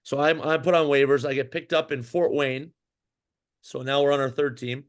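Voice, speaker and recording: A man with a medium-pitched voice and normal speaking speed tells a long story in an informal interview. Formerly a pro hockey goalie and from Minnesota, he rambles with animation and keeps filling gaps and restarting sentences.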